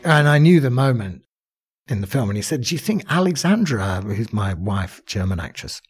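A man's voice: fairly low pitch, expressive, moderate pace, a little hiss or hum. A man, an actor, talking casually in an interview, rambling and self-mocking with restarts. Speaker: actor and songwriter guest.

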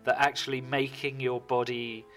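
A man, a guest telling animated, jokey stories in a casual interview. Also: medium pitch, moderate pace, soft background music.

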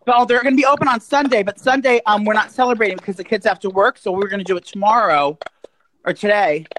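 A man's voice: high-pitched, fast talker, a bit bright. A man chats on a podcast, rambling through gossipy stories with a campy flair. His talk is loose and full of fillers. A faint noise floor sits under the recording. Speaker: podcast co-host. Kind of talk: casual chat.

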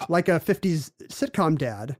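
A man's voice: a little high, expressive, a little slow, darkish tone. A man hosting a podcast, chatting casually with wry jokes. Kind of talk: casual comedic chat.

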